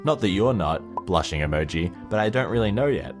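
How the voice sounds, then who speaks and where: A man's voice: low voice, expressive, fairly quick, over music. A man reading out a text message in the voice of a bubbly, oversharing young woman who rambles on breathlessly. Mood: chirpy. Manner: gushing, rambling, breathless chatter.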